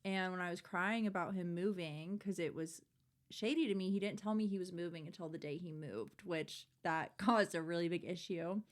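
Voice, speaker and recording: A woman's voice: fairly low pitch, moderate pace. A woman in her twenties, a podcast guest, telling a personal story in candid, chatty talk full of "like" and swearing. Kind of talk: casual chat.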